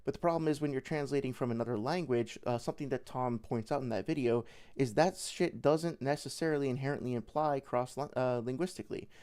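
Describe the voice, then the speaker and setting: A man's voice: mid-range voice, fairly quick, few pauses, a little mellow, smooth. A young man giving casual livestream commentary as a debate reviewer, rambling with many fillers and restarts.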